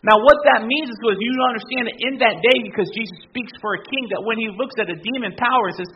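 High husky guy preaching, keeps asking the crowd questions, muffled lo-fi sound. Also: quick pace, hardly any pauses. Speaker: pastor. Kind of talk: sermon.

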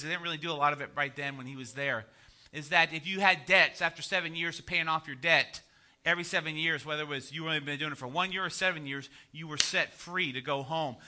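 A pastor preaching with a light lilt, his high voice ringing bright and forceful. He keeps it conversational and jokey, checking in with the congregation with quick "right?" asides. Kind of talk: sermon.

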